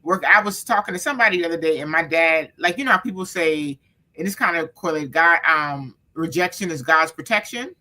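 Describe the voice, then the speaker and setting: A woman guest chatting about her family with animated storytelling, playing out each quote as she goes. Her voice is bright and clear. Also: deep voice, fairly quick. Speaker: author guest. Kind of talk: casual storytelling chat.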